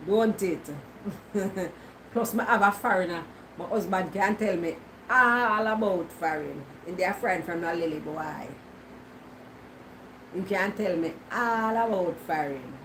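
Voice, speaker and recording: A woman's voice: on the low side, measured pace, fairly bright tone, a little hiss or hum, rough recording. A Jamaican woman vlogging in casual Patois, teasing and answering her viewers' comments. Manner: teasing, talks back to comments.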